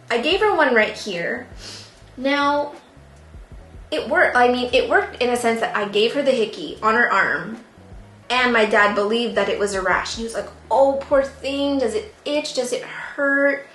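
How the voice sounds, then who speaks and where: Tipsy young woman telling a story animatedly. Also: fairly high pitch. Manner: animated, filler-heavy "like" storytelling. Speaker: plant vlogger. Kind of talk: casual storytelling. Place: room at home while repotting plants. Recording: echoey room with background music.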